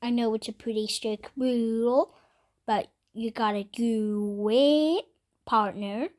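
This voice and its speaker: A woman's voice: fairly high pitch, steady tone, slow pace, a little mellow. A woman voicing a strict male western sheriff in a put-on Texas drawl, laying down the rules. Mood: stern. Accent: put-on Texas cowboy drawl.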